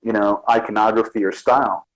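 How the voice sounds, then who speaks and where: This Bronx-born guest artist has a lowish voice and a brisk delivery, captured on low-quality audio. Chatting casually in an interview, he tells lively stories and performs the lines people said.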